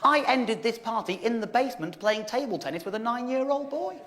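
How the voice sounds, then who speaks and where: A man from England telling a story in stand-up, animated, incredulous and self-mocking. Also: very high-pitched, a little fast. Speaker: stand-up comedian. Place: stage before a live audience. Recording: live show with audience laughter.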